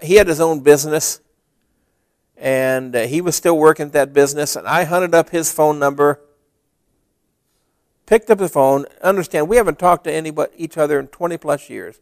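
A man's voice: fairly high pitch, no room sound, clean studio sound. A man preaching a sermon, telling a story and then building to emphatic, urgent exhortation. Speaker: pastor.

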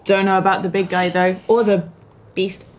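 A woman playing a tabletop game, chatty and quick to laugh. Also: medium pitch, level tone. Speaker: player. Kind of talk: casual tabletop play.

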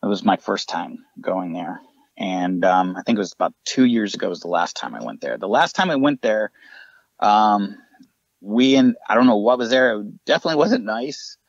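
Low-voiced man telling ghost stories. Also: normal speed, vocal fry, no room sound, dull audio. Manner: animated anecdotes with acted-out quotes. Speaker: paranormal investigator guest. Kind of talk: casual podcast storytelling.

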